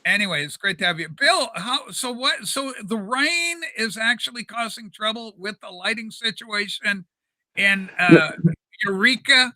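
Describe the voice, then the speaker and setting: A man hosting a casual livestream chat from a desk mic, rambling and animated. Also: high-pitched, measured pace, dry recording. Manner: rambling and animated, with many fillers. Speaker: livestream show host. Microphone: desk microphone.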